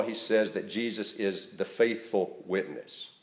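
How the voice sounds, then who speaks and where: A male pastor giving an earnest, emphatic sermon that rises in stress and then drops to a soft, quiet close. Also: lowish voice, measured pace, echoey room. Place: church.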